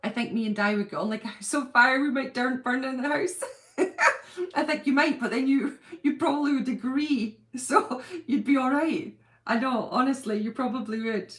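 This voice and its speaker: A middle-aged woman with a somewhat high, slightly bright voice hosts a casual livestream. She chats and laughs, greeting viewers by name while reading their comments aloud.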